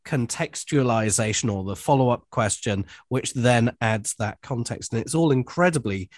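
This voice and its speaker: A man in a conversational podcast, explaining his point in a measured way. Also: medium pitch, no room sound, studio quality.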